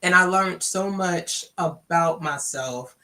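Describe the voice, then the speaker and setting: A woman's voice: fairly low pitch, slow, pushed and bright. A woman from Louisiana, candidly telling her personal story and acting out the dialogue she quotes. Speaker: guest sharing her story.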